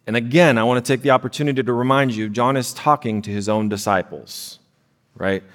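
A male pastor delivers a sermon at a mid-range pitch. His talk is conversational and full of quick "right?" check-ins. The voice carries a long reverb tail, as if it were recorded in a large hall. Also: fairly even intonation, fairly bright tone. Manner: conversational preaching, frequent "right?" tag questions.

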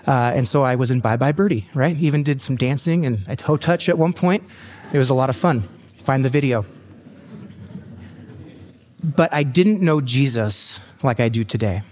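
A man's voice: mid-range voice, moderate pace, long pauses. Man preaching his testimony with humor. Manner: storytelling, self-deprecating humor, lively asides. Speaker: pastor. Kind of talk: sermon testimony.

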